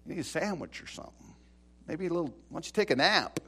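A man voicing a laid-back divine figure who calmly tells a despairing prophet to eat and rest. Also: on the high side, quick pace, slightly rough. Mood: easygoing.

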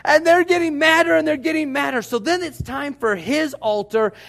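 A man preaching a Baptist sermon, telling the story in an animated, joking way. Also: extremely high pitch, moderate pace, creaky. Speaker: Baptist pastor.

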